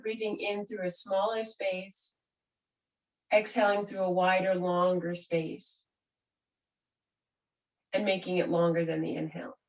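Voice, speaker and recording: A woman teaching a gentle yoga and breathing class, guiding calmly and softly. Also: mid-range voice. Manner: calm, gentle, soothing guidance. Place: room where she does yoga on a mat. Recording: roomy sound from a distant mic.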